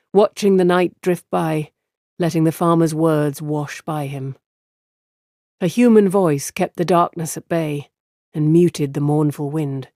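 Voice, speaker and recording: A man's voice: on the high side, darkish tone, no room sound, clean studio sound. A man reading a fantasy novel aloud as narrator, giving the characters' dialogue small shifts of voice. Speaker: audiobook narrator. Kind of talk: scripted narration.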